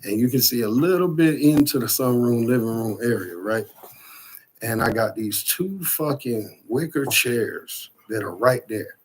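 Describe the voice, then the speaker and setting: A man casually telling a profane, animated story about a frightening night. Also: mid-range voice, a little slow, breathy edge.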